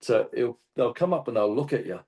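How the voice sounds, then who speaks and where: A man with an Australian accent, a hunting guest telling a story in casual chat, animated and swearing often. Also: medium pitch, fairly quick, lo-fi sound. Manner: animated, swears often, acts out shouted quotes. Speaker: guest hunter.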